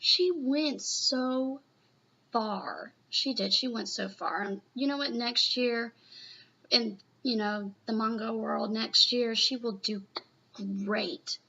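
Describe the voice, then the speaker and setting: A woman's voice: on the high side, steady tone, slow, gravelly, pushed and bright. A woman chatting casually in a live reaction video, rambling and gushing with lots of "you know.". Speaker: manga reaction vlogger. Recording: muffled lo-fi home recording.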